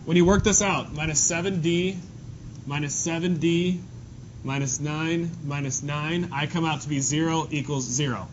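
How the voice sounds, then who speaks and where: A male math teacher giving a lively, joking lesson to his class in a classroom. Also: a little high, moderate pace. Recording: dull lo-fi classroom recording with faint noise.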